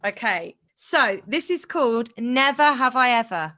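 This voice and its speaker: A woman's voice: a little high, animated, unhurried, sharp tone. A young woman in her twenties hosting a casual podcast interview, chatty and self-mocking, laughing often. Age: 20s. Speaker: podcast host.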